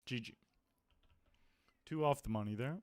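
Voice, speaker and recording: A man streaming online poker, chatting casually about his hands and results, blunt, self-mocking and quick to swear. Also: medium pitch, smooth, dry recording. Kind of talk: casual live-stream commentary.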